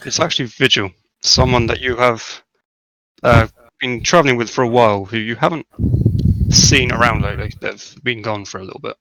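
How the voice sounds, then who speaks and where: A man acting as game master, narrating a tabletop game in a measured, descriptive way. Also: mid-range voice, steady tone, pushed and bright, no echo, low-quality recording.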